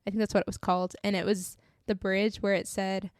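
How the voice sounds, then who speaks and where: With a medium-pitched voice that moves little in pitch, a young woman speaks fairly quickly, with no echo, on her faith podcast. She relates her testimony in an earnest, heartfelt, casual way, frequently tearful and saying "like" often.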